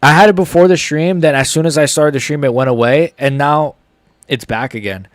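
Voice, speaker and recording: A young man with hiccups chatting casually on a live stream, reading viewers' messages aloud in relaxed slangy banter. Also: a little high, brisk, dry recording, studio quality. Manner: reads chat aloud, laid-back slangy banter. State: has the hiccups. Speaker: streamer reacting live to fights.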